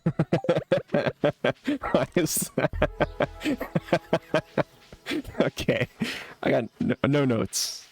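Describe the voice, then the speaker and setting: A man's voice: medium pitch, wildly swooping pitch, very slow, gravelly, pauses often, a little mellow. A young man streaming a game live, chatting casually with a sarcastic, laid-back manner and frequent laughs while reacting to chat.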